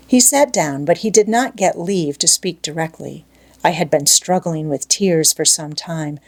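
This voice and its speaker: A woman narrating a classic novel as an audiobook in a measured, expressive reading. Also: lowish voice. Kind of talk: scripted narration.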